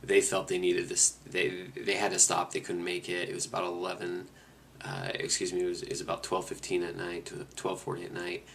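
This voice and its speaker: A motorcycle rider on a cross-country trip gives a relaxed, rambling recap of the long ride, often restarting sentences. His voice is deep, gravelly, and a little fast, with slight background noise.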